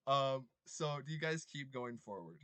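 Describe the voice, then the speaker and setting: A young man running a tabletop game as game master, rambling with many ums and quick apologies. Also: medium pitch, lively intonation, fairly bright tone, smooth, no room sound.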